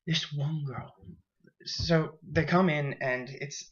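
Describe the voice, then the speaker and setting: A man's voice: fairly high pitch, moderate pace. College guy rambling about his week, frank and chatty, kinda dull lo-fi audio. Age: young adult. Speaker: college student vlogger. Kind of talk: casual vlog chat.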